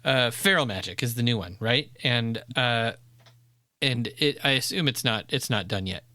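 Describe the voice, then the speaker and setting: A man's voice: medium pitch, normal speed, sharp tone. A man hosting a podcast, steering the interview with brief prompts and short replies. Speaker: podcast host.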